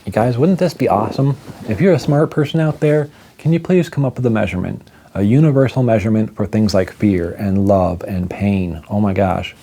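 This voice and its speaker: Mellow low-voiced man telling a story. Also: brisk. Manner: chatty, self-deprecating, acts out quoted dialogue. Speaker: vlogger telling a personal story. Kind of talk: casual storytelling monologue.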